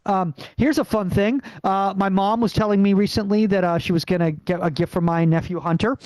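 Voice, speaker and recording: Halting, filler-heavy male comic, dry sound. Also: high-pitched, fairly even intonation, darkish tone, no room sound, rough recording. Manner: rambling, halting delivery with many fillers. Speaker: stand-up comedian. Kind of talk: stand-up set on a video call. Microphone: video call.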